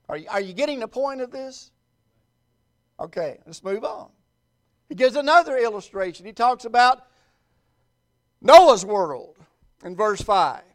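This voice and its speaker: A male pastor preaching with a very high, clear, smooth voice. He leans into his words, pausing for effect and swinging between loud and quiet. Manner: emphatic, with dramatic pauses and swings in volume. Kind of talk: sermon.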